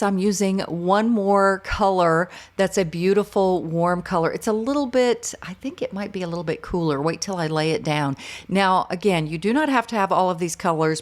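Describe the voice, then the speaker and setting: A middle-aged woman from North Carolina with a faded Southern accent talks students through a real-time pastel painting lesson. Her voice sits slightly low, and she stays chatty and enthusiastic, pausing with fillers as she thinks aloud. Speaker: art instructor.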